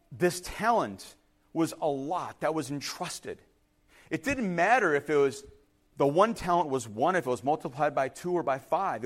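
A male pastor preaching in an animated, storytelling style. His voice sits high and swings widely in pitch, and he repeats words for emphasis. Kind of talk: sermon.

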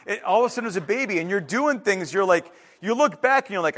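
A man's voice: sits high, expressive, fast, few pauses, a bit bright. A man preaching a sermon in an emphatic, conversational way, with frequent restarts and asides to the congregation. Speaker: pastor.

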